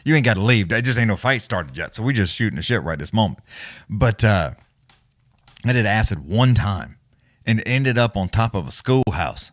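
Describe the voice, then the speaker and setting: Chatting on a live fight watch-along stream, a host with a lowish, expressive voice tells meandering, profane stories with chuckles at normal speed. There is no room sound, just a clean studio recording.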